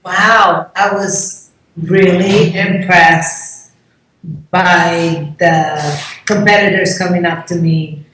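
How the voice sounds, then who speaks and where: A woman's voice: on the low side, fairly even intonation, extremely slow, fairly bright tone. A woman from Brazil, talking as an interview guest in an effusive, chatty way and acting out what people said. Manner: effusive, acts out quoted dialogue. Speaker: contest promoter, interview guest. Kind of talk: casual interview chat. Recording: very echoey room.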